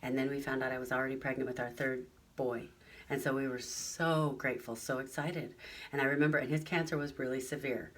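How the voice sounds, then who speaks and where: Middle-aged woman, low voice, earnest storyteller, motivational talk, recorded from a distance. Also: fairly even intonation, a little fast, fairly bright tone. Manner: earnest storytelling, acting out other drivers' voices. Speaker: retreat speaker.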